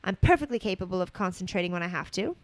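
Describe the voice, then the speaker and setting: A woman's voice: lowish voice, lively intonation, quick pace, no room sound, close to an everyday voice. A woman voicing a hot-headed teenage schoolboy wizard who talks in blunt, defensive outbursts, in a dry, close recording. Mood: angry.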